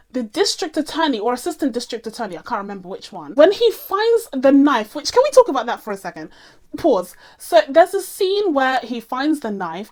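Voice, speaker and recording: A young woman giving a casual spoken review of a TV series, animated and quick to laugh. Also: high voice. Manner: animated, laughs often, acts out characters' lines. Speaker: film and TV reviewer.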